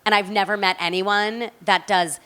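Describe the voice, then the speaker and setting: A woman chatting as an interview guest, telling long, animated, rambling stories. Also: mid-range voice, moderate pace, clean tone. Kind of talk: casual chat.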